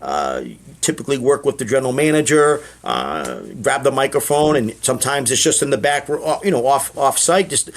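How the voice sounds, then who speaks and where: Chatty comedian with a lively voice. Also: male voice, medium pitch, brisk. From Boston. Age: middle-aged. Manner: rambling, chatty, with many fillers and name-dropping asides. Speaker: comedian and guest. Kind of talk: casual interview storytelling.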